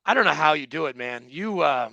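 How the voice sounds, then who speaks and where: A man hosting a podcast, chatting casually in a joking, excitable way. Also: fairly high pitch, a little fast, gravelly, no room sound, lo-fi sound. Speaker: podcast host. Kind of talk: casual interview chat.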